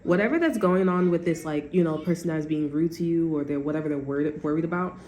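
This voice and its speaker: A woman's voice: low-pitched, fast, darkish tone. A woman giving a casual tarot reading, rambling and giggly, cursing freely and tagging lines with "okay?". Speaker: tarot reader. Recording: echoey room with faint ambient noise.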